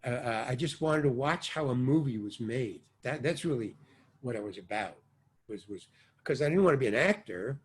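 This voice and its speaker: An older man being interviewed about his acting work, telling stories in a loose, animated way and acting out the dialogue, sometimes with a curse. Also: mid-range voice, normal speed, slightly rough. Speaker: actor interviewee. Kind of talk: casual anecdotal storytelling.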